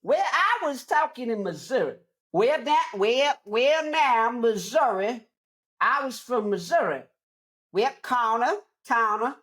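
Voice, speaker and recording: A folksy old Missouri grandma, put on by a young man with a raised, drawn-out voice. She stretches her words into a slow country twang, higher than a man's own talk. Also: expressive, a bit bright, full character voice.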